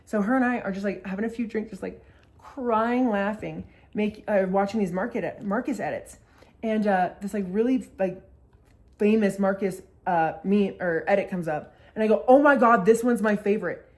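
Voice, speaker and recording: A woman's voice: mid-range voice, moderate pace, darkish tone. A young woman vlogger telling a story casually, swearing a lot and acting out the quotes.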